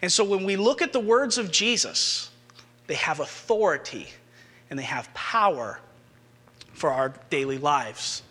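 A male pastor preaching a sermon, retelling scripture with animated, rising emphasis. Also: a little high, unhurried, in a large hall.

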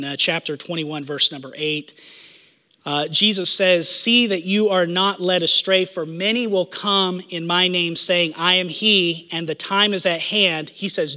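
High bright preaching man, hall reverb. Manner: earnest preaching, repeats phrases for emphasis. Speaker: pastor. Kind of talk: sermon.

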